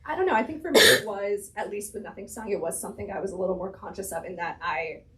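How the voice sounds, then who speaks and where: A woman's voice: mid-range voice, fast talker, pushed and bright, rough recording. A woman chatting as an author guest in an interview, thinking aloud, laughing often, her voice slightly strained. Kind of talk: casual conversational interview.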